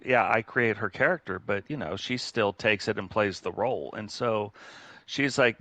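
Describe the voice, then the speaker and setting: A man's voice: fairly low pitch, moderate pace, pushed and bright, no room sound. Easygoing male podcast guest, dry sound. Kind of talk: casual chat.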